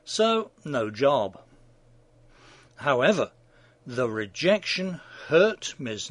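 A man's voice: mid-range voice, big pitch swings, drawn-out words, pauses often, no room sound. A man delivering scripted opinion commentary in a sardonic, mocking manner.

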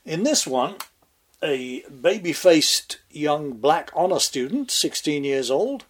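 Sarcastic guy doing political commentary, slow and husky, lots of swoops in pitch. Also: big pitch swings. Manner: sardonic, dry sarcasm with dramatic pauses. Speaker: commentary host.

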